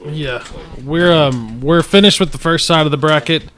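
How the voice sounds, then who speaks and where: A man's voice: fairly high pitch, normal speed, crowd noise. A man hosting a podcast, reading out bracket picks between laughs. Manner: laughing, moderating. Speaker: podcast host. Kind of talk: casual chat.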